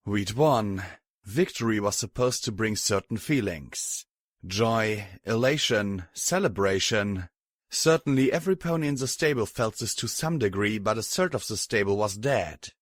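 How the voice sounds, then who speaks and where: A man narrating a fanfiction audiobook in the first person, reading at an even, steady pace. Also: lowish voice, moderate pace, dry recording, studio quality. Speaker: audiobook reader.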